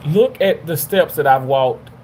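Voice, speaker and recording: A man in his thirties telling a personal story to camera in a casual, animated way, often repeating and restarting his words. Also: fairly high pitch, a little slow, a little hiss or hum. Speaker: vlogger.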